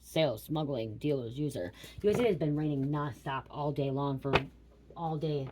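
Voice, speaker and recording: A woman's voice: deep voice, normal speed, noisy background. A woman giving a psychic reading to her viewers from home, talking in a repetitive, stream-of-consciousness way and calling out names as they come to her. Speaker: psychic card reader.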